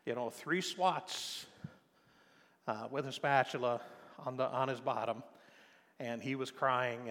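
An older man preaching a sermon, telling a family story in a conversational way and then rising to loud, impassioned preaching. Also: mid-range voice. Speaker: pastor. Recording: long hall reverb.

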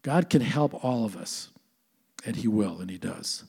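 A man's voice: on the low side, lively intonation, unhurried, vocal fry, darkish tone, husky, big-room sound. An older man preaching a sermon as pastor, earnest and conversational, asking his listeners questions.

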